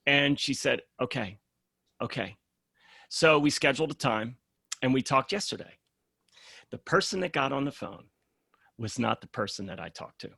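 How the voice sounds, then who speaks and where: A man, a program founder, speaking in a casual podcast conversation as an animated storyteller who acts out the voices he quotes. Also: on the high side, creaky, dry recording, clean studio sound.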